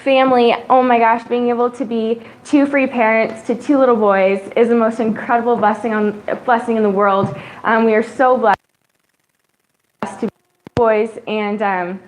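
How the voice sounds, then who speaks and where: A woman's voice: a little high, normal speed, rough recording. A young woman in casual chat, talking about her family with gushing enthusiasm and acting out what her children say. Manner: gushing and animated, acts out quotes of her kids. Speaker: guest sharing her family story.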